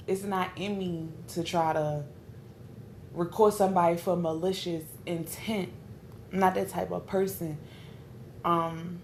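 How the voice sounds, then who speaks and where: A woman's voice: on the low side, slight background noise. A woman, hosting a livestream and ranting bluntly, full of profanity and restarts. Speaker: livestream host. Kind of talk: casual livestream rant.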